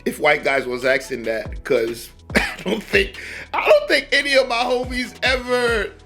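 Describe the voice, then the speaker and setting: A young adult man from Rhode Island hosting a reaction video, slangy and halting as he rambles. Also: very high voice, creaky, pushed and bright, soft background music. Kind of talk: casual reaction commentary.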